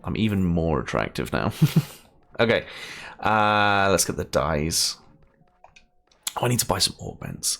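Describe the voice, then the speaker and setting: A man's voice: deep voice, lively intonation, a little slow, creaky, a bit bright. A Scottish man giving casual, chatty commentary as he plays a game, laughing often and thinking aloud. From Scotland. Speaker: gaming streamer.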